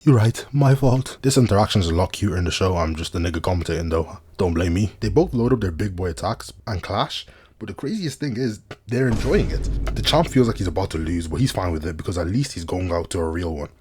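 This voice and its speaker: Brief: male recap commentator, low husky voice, rapid slangy comedic delivery. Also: expressive, a little mellow. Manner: slangy, joking asides to viewers. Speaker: anime recap narrator.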